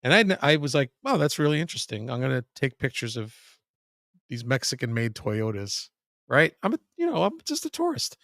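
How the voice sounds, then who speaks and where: A man tells a long story as a podcast guest, swearing freely and stumbling over restarts. His voice sits at a middle pitch. The sound is dry and close. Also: very animated, fairly quick, gravelly, fairly bright tone, no room sound. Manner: rambling, profane, frequent restarts. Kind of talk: casual storytelling.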